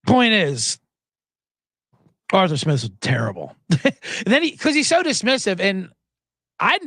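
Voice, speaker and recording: A man's voice: sits high, slow, no echo, studio quality. A man hosting a sports show in casual, joking, rambling talk. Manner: animated, jokey, rambling.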